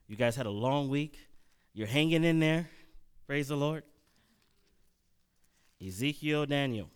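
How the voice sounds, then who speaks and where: A man leads Bible study as a preacher, with a smooth, resonant voice that sits a little high. He reads verses slowly, then rushes ahead and asks the room to answer him. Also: lively intonation. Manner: reads scripture slowly, then preaches fast with questions to the congregation. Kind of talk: sermon-style Bible teaching.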